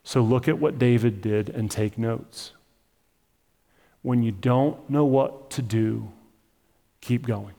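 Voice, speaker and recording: A man's voice: medium pitch, takes it slowly, creaky, pauses often, warm tone, long reverb tail. A man preaching a sermon as pastor, in a conversational, emphatic style that acts out the story.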